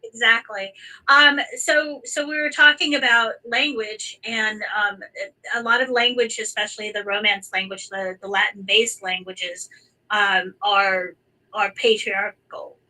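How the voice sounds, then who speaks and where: Bright-voiced American woman hosting. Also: medium pitch, fairly even intonation, distant mic, low-quality recording. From United States. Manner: chatty, halting, with many restarts. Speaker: host. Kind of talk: live online chat.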